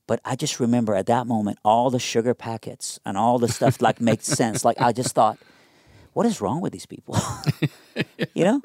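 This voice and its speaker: A young man telling a personal story in a casual interview, animated and conversational with lots of fillers. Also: mid-range voice, dry recording, studio quality.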